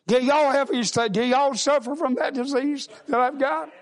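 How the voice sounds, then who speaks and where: High-voiced preacher man. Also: steady tone, moderate pace. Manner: folksy, calls out to the congregation, repeats and restarts. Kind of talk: sermon.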